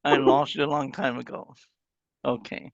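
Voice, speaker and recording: A man's voice: mid-range voice, little pitch movement, normal speed, vocal fry, no echo, dull audio. A man teaching an online language class, patiently explaining and demonstrating example phrases over a video call.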